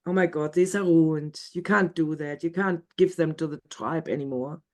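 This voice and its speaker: A woman's voice: deep voice, moderate pace, natural voice. A woman storyteller voicing a stern young woman who tracks birds, talking in an urgent, scolding way.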